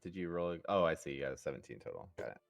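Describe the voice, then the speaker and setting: A deep-voiced man runs a tabletop game as game master. His voice moves a lot in pitch and he laughs often. The sound is dry and close. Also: animated, racing, vocal fry, no room sound. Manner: laughing, loose and chatty. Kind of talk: running a live tabletop game.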